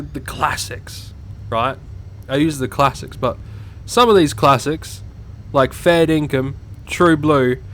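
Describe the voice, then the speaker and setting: A man's voice: mid-range voice, fairly bright tone, a little hiss or hum. An Australian man with a cold, rambling and swearing constantly as he chats casually over his gameplay. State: has a cold. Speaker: gameplay commentator.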